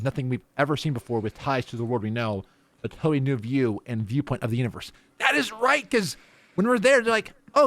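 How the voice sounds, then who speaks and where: A man's voice: on the high side, fairly bright tone, no echo. A man hosting a podcast, chatting casually and with enthusiasm, often restarting his sentences. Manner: enthusiastic, halting, many restarts. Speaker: podcast host. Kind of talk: casual chat.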